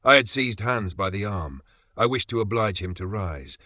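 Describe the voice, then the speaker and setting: A man narrating a classic adventure novel as an audiobook, in a steady, measured reading. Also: lowish voice, no echo.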